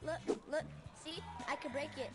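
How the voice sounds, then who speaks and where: High-voiced player explaining a game. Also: steady tone, normal speed. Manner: bossy, explaining game tricks. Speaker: gamer. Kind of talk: casual game chat. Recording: loud game music behind.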